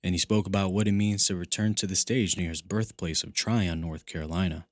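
A male radio news reporter reading a scripted story in a measured way. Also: sits low, steady tone, no room sound, clean studio sound.

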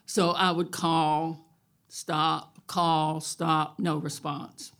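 A woman spins a true tale on stage at a live storytelling night. Her voice is bright and forward, and she takes her time with each line. She tells it wryly, with plenty of life. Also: sits low, very slow, clean tone. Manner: wry and animated, loud cattle calls.

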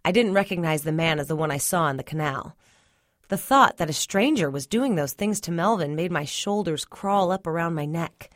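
A woman reading a short story aloud in a measured first-person narration. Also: lowish voice, lively intonation, dry recording, studio quality. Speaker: story reader.

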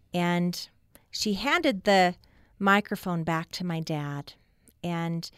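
A middle-aged woman telling a personal story as a radio guest, slow and reflective, with long pauses. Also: lowish voice, smooth, no echo, studio quality. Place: radio studio.

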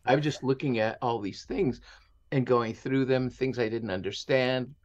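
A man from Mexico and San Diego, speaking in a mid-range voice at a moderate pace, tells stories as an interview guest. He's reflective and conversational, slipping Spanish words into his English. The recording is muffled with a little hiss or hum.

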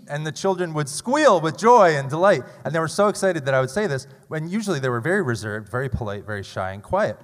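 A man in his thirties telling a funny, self-deprecating story live on stage at a story slam, with loud bursts. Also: on the high side, sing-song, fast talker, few pauses. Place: large theater stage. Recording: long hall reverb.

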